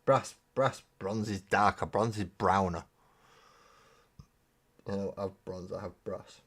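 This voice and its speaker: A man's voice: low-pitched, steady tone, slow pace, husky. A man hosting a live stream, chatting casually and rambling with self-mocking humor while painting miniatures.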